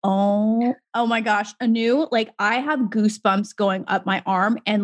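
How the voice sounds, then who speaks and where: A woman's voice: medium pitch, fairly even intonation, measured pace, no room sound. A woman hosting an interview, reacting effusively and recapping her guest's story. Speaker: podcast host. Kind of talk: conversational interview.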